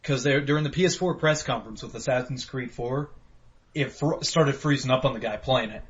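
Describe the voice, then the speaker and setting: Male podcast host, casual and animated, profane, slightly dull lo-fi mic. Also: mid-range voice, brisk. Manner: animated, swearing, acts out his own reactions in quoted voices. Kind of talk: casual chat.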